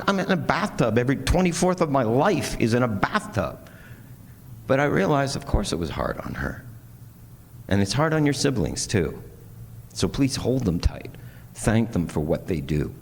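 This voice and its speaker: Deep-voiced man speaking in a hall. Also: a little mellow, breathy edge. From Canada. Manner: earnest, candid, self-deprecating humor. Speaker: conference speaker. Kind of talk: personal keynote speech. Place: large conference hall. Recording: long hall reverb, faint noise.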